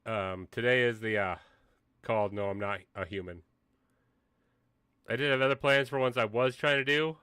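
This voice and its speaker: A man's voice: medium pitch, normal speed, long pauses, sharp tone, smooth, dry recording, clean studio sound. A man streaming a game, talking in a hesitant, rambling way with lots of fillers. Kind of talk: casual livestream chat.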